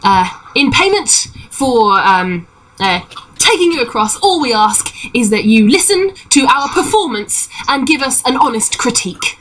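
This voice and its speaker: A woman voicing an excitable young male halfling pirate who greets guests theatrically. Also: unhurried, full character voice, poor audio. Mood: wheedling. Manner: eager, theatrical, hops between high exclamations.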